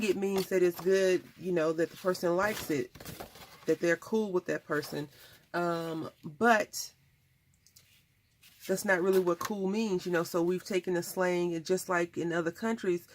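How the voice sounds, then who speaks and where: A woman's voice: lowish voice, a little hiss or hum. A woman hosting a craft video, chatting casually and rambling through stories as she works. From United States. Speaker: craft channel host. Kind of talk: casual chat while crafting.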